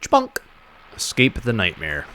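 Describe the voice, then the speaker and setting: A man streaming a game live, giving animated, mocking commentary with laughs. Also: medium pitch, takes it slowly, background noise.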